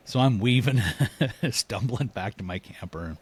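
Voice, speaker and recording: A podcast guest who hunts elk tells a story casually and with animation, laughing often and acting out what people said. His voice is medium-pitched and husky, at a measured pace.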